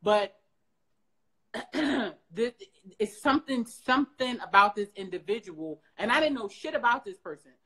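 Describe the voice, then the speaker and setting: A woman's voice: fairly high pitch, animated, normal speed, fairly bright tone. A woman talking on a podcast, telling a personal story bluntly with lots of swearing and asides to her co-host. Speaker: podcast guest. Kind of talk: casual podcast chat.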